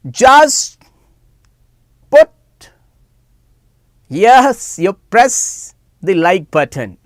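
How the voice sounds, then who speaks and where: A man teaching a live online chemistry class, animated and repeating phrases as he coaxes students to answer in the chat. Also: sits high, clear, resonant tone, no room sound.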